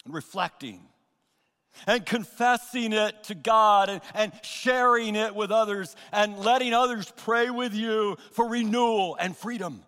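A man preaching a sermon as pastor, earnest and emphatic, with pauses and repeated phrases. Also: high-pitched, sharp tone, big-room sound. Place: church sanctuary.

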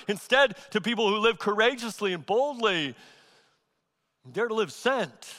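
A middle-aged man preaching a sermon, swinging from loud emphatic peaks to soft, low asides. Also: animated, a little slow. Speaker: pastor. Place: large church auditorium. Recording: echoey sanctuary with long reverb.

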